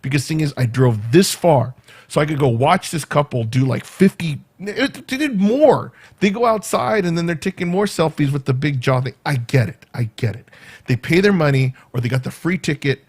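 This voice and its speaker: A man's voice: a little high, normal speed, husky. Man telling a rambling story. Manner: rambling, animated retelling with quoted asides. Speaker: vlogger. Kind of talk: casual storytelling vlog.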